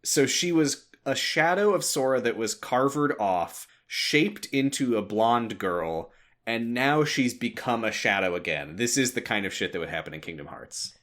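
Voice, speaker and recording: A man's voice: mid-range voice, expressive, normal speed, fairly bright tone. A man co-hosting a casual podcast, reading aloud and making sarcastic jokes. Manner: joking, sarcastic. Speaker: podcast co-host. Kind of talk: casual chat, reading fan fiction aloud.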